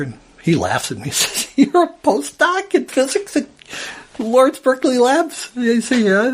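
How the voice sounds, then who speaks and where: Older man spinning a lively yarn, husky. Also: high-pitched. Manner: animated storyteller, acts out quoted voices. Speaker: interviewee telling a personal story. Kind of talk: casual storytelling. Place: old house at home.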